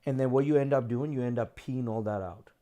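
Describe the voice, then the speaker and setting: A man's voice: mid-range voice, a little fast, mellow. A man co-hosting a podcast, talking loosely and casually, swearing freely and explaining things step by step. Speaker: podcast co-host.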